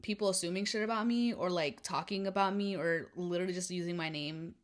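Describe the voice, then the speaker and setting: A young woman casually telling a storytime, animated and petty, acting out quotes and dropping to whispered asides. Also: fairly low pitch, a little fast. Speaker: vlogger.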